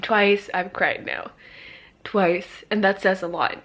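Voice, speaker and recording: A woman in her early twenties, tearful after crying, talking haltingly to her camera about a book in an emotional reading vlog. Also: medium pitch, steady tone, a bit bright. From Sweden. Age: early 20s. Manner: emotional, halting, many fillers and sighs. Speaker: book vlogger. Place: alone at home talking to camera.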